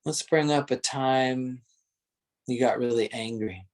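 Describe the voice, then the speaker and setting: Meditation teacher, male, mid-pitched, unhurried, gentle and searching delivery with easy laughter. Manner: slow, gentle, searching phrasing with frequent laughter. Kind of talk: guided meditation instruction.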